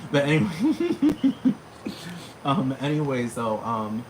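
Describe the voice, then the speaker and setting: A man's voice: a little high, huge pitch swings, slow pace, background noise. A man ranting casually to camera, slangy and profane, with sudden dramatic jumps in his voice. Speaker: vlogger.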